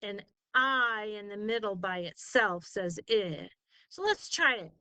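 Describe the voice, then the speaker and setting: A woman tutors a student in spelling at a slightly slow pace, her mid-range voice pushed and bright but clean, with no echo. She patiently sounds out words syllable by syllable and praises the answers.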